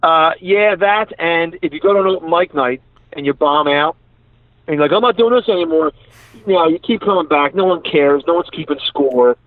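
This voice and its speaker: Over a tinny, dry phone line, a Philadelphia-accented comedian guest talks casually from inside his parked truck, laughing as he rambles through stories. He has a fairly high voice, a moderate pace, and the recording is dry.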